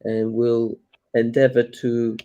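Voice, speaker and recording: A man's voice: mid-range voice, completely flat delivery, slow pace, dark tone, muffled recording. A man hosting a casual conversation, using friendly slang while wrapping up. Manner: friendly slang, thanking guest. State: coughing. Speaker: host.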